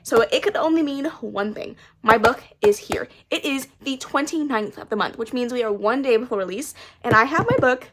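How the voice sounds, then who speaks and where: A young woman book vlogger talking casually at home into a camera mic, gushing with breathless excitement. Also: a little high, moderate pace, hardly any pauses, slight background noise.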